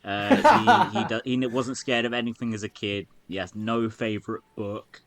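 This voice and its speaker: A man hosting a podcast, chatting in a sardonic, sweary way, full of halting fillers. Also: fairly low pitch, steady tone, a crowd in the background. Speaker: podcast host. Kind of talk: casual political chat.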